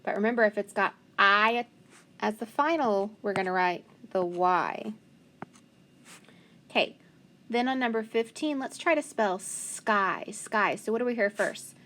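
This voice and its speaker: Slow, patient woman teaching phonics. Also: mid-range voice, a bit bright, a little hiss or hum. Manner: slow, patient, encouraging, sounding out letters. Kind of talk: phonics spelling lesson.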